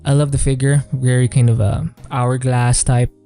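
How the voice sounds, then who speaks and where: Chill guy talking through paintings, lots of um and kind of, warm mellow tone. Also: mid-range voice, moderate pace, faint music behind. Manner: relaxed, rambling, many fillers and "kind of". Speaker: artist reviewing artwork. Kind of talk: casual art commentary.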